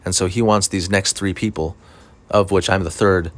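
A man's voice: low-pitched, fairly even intonation, moderate pace, fairly bright tone. A man, a stand-up comedian, telling a story in a rambling, profane, casual way with lots of fillers.

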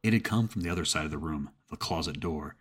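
Deep, husky male horror narrator. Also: fast talker. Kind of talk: scripted horror story narration.

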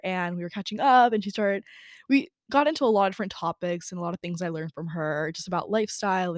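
A woman's voice: mid-range voice, dry recording, studio quality. A young woman hosting her own podcast, chatting candidly about her day and feelings, with lots of "like" and some swearing. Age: young adult. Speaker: podcast host. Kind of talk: casual personal chat. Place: indoors by a window.

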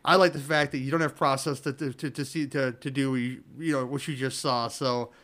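A man's voice: mid-range voice, fairly even intonation, fairly quick, fairly bright tone. Rambling man chatting on a podcast. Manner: rambling, stumbles and restarts often. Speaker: podcast guest. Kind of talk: casual podcast chat.

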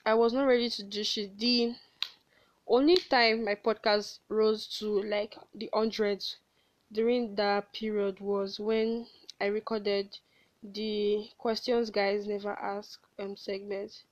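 A late-teen woman hosts a candid solo podcast, rambling, swearing bluntly and laughing at herself. Her medium-pitched voice moves little and comes slowly, captured in a dull, dry lo-fi home recording.

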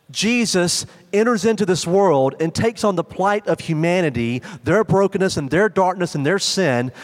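A young adult man preaching a sermon as pastor, talking in a casual, conversational way with frequent fillers, in a church sanctuary. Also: high-pitched. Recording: long hall reverb.

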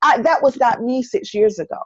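A middle-aged woman with a Southern North Carolina accent speaks earnestly as a podcast guest in a casual interview, repeating phrases for emphasis. Her voice is a little high and fairly quick, and the recording cuts off the highs.

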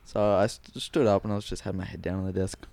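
A man's voice: sits low, fast talker, vocal fry, no room sound. Swearing Aussie man telling a story, dry sound. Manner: animated, swears a lot, acts out quotes. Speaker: podcast co-host. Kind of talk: casual storytelling chat.

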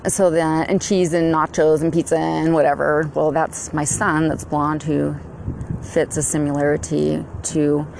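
Rambling low-voiced middle-aged woman, gravelly. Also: level tone, a little slow, darkish tone, a little hiss or hum. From United States. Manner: rambling, meandering, with many fillers and restarts. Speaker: vlogger. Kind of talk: rambling personal monologue.

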